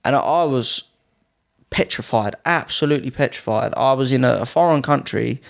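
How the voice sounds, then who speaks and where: A man's voice: mid-range voice, moderate pace, creaky. A young man in his twenties, a podcast guest telling anecdotes in a casual way and acting out other people's lines in a raised voice. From United Kingdom. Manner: lively, acts out quoted people in a raised voice. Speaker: podcast guest, Muay Thai fighter.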